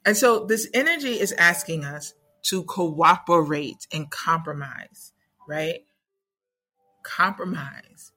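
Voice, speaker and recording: A woman podcast host gives a casual spiritual teaching, animated and conversational, often checking in with "right?". Her voice is bright and crisp. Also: low-pitched, slow, soft background music, low-quality recording.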